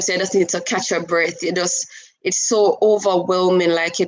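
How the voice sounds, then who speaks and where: Hosting a casual live stream, a woman talks with a caller in an animated, coaxing manner, slipping easily into patois between bits of plain advice. Her voice is fairly low, and the recording is rough.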